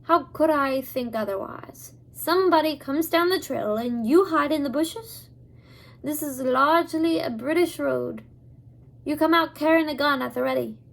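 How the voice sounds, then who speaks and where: A friendly old Scottish man drives a wagon, speaking loudly and with emphasis, as a woman reading a storybook aloud puts him on. His put-on accent sits in a fairly high, gravelly voice. He sounds sure of what he knows. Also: moderate pace. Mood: amused.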